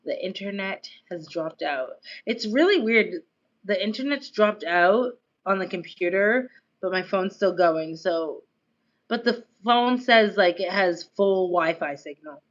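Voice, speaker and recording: A woman's voice: medium pitch, expressive, measured pace, highs cut off. An American woman streaming casually, chatting in a rambling way with lots of fillers, her accent slightly tinged by years in Australia. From United States. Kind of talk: casual live-stream chat.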